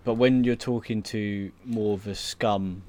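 A man's voice: lowish voice, steady tone, unhurried, a little mellow. A man in casual chat, recapping scenes hesitantly with lots of fillers and the odd swear word.

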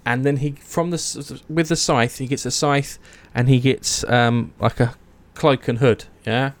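A young man casually retelling myths, animated, swearing and acting out the characters' lines. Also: medium pitch, measured pace. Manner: animated storytelling, swears, acts out quotes. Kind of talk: casual chat.

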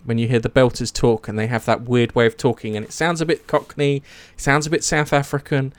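A man's voice: mid-range voice, steady tone, brisk, clear, resonant tone, no room sound. A man chatting casually and eagerly about a series, rambling with many fillers and restarts. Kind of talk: casual chat.

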